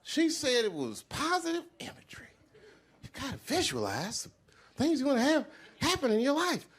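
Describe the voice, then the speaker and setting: A man doing a live stand-up set on a club stage, profane and animated, acting out other people as he talks. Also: very high voice, normal speed. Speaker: stand-up comedian. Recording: live club with loud crowd laughter. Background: loud audience laughter.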